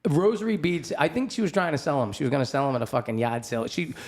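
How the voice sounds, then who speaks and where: Swearing, animated middle-aged man telling stories. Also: fast. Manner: profane, animated, laughing storyteller; acts out other people's voices with big pitch jumps. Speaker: podcast host. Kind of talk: casual storytelling chat.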